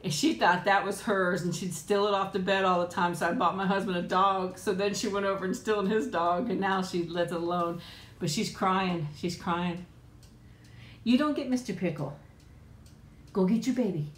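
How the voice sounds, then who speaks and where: A woman's voice: on the low side, level tone, normal speed, a bit bright, echoey room. A middle-aged woman hosting a casual live chat from home on a tablet, laughing often and cooing at her pet. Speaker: live stream host.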